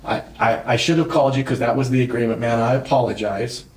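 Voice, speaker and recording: A man's voice: medium pitch, fairly even intonation, quick pace, far from the mic, slight background noise, close to an everyday voice. A man acting out an upset male home seller who rambles and apologizes. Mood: apologetic. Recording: roomy echo.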